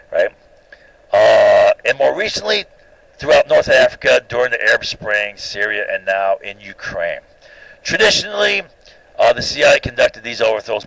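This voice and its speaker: A male lecturer with a gravelly, crackling voice that swings widely in pitch as he talks. He is opinionated and keeps punctuating his points with quick tag questions. The sound is dry and close to the microphone. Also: no echo. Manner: animated, opinionated, constantly adds "right?". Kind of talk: informal recorded lecture.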